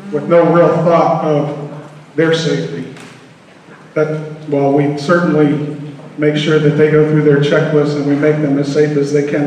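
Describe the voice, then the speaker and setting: A man, a Coast Guard officer, giving an earnest, measured speech to a public meeting. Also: fairly high pitch, a little mellow, slight background noise. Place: large hall at a public meeting. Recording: echoey hall from far off.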